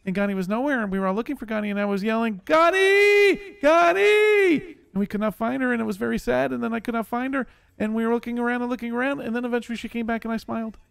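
A sweet-natured, simple barbarian warrior, played by a man, who speaks in stiff, earnest sentences with no contractions. The voice sits high and has a gravelly edge. It sounds close and dry. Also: fairly even intonation, very fast, hardly any pauses, no room sound. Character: simple-minded gentle male barbarian warrior. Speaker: streamer. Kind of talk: roleplay in a survival game.

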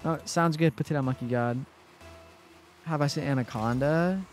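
Over soft background music, a twenty-something streamer with a fairly high voice talks at a normal speed, chatting casually with his chat during a game and cursing freely.

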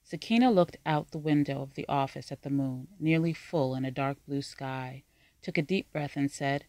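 Measured storyteller with a dry, close sound. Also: mid-range voice, a little mellow, no echo. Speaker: narrator. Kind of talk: scripted audiobook narration.

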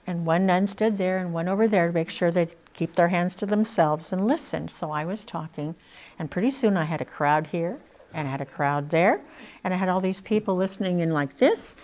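A woman's voice: lowish voice, darkish tone. Older woman telling her testimony. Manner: earnest, emotional, laughs between lines. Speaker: speaker sharing her testimony. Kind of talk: personal testimony storytelling.

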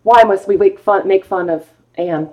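Over phone-quality audio, a woman with a mid-range voice speaks at a moderate pace while running a live stream sale of vintage books. She chats playfully and gushes over each title in a casual sales patter.

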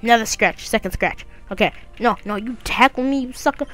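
A woman's voice: fairly high pitch, a little fast, hardly any pauses, a bit bright, faint music behind. Woman gamer, casual let's play chatter, goofy and crude, jokey.

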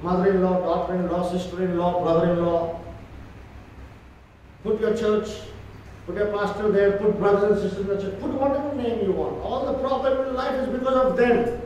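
Man, preacher, high voice, emphatic sermon, heavy echo, distant from mic. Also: level tone, normal speed, darkish tone, slight background noise. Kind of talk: church sermon. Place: church. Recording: echoey church hall from far off.

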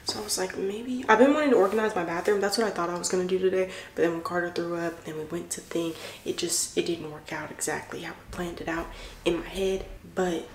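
A woman in her twenties rambling through a casual home vlog, chatty and animated. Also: on the low side, fast. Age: 20s. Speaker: vlogger, mom of three. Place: at home, indoors. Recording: echoey room with clear background noise.

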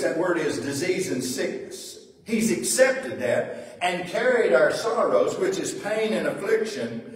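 A man preaching an animated sermon in a church, reading scripture aloud and explaining it. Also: a little high, a little slow. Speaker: pastor. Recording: echoey church hall, mic far off.

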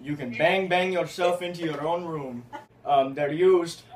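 Young man playing a deadpan pushy store manager. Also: on the high side, measured pace, roomy sound, recorded from a distance, a crowd in the background, lightly acted. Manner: deadpan, insistent sales patter. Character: smooth pushy male store-manager prank caller.

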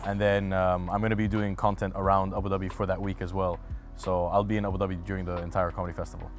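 A man's voice: low-pitched, little pitch movement, fast talker, faint music behind. A man being interviewed as a comedian guest, answering in a laid-back, hesitant way with frequent ums.

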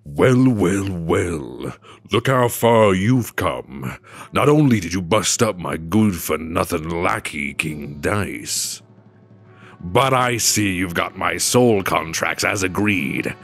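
A man voicing a scheming, menacing male devil in a game, with a slow Southern drawl. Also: low-pitched, expressive, a bit bright, soft background music, exaggerated voice. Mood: smug. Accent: Southern US put-on.

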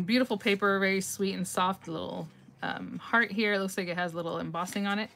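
A woman's voice: mid-range voice, vocal fry, fairly bright tone. A middle-aged woman hosting a casual live craft-mail reveal on her phone, chatty and gushing, thinking aloud and laughing often as she answers viewer comments.

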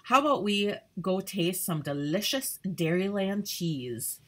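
A woman voicing a cheerful, friendly female sunflower in a storybook read-aloud, in a high, excited voice. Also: unhurried. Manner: bright, excited, high-pitched.

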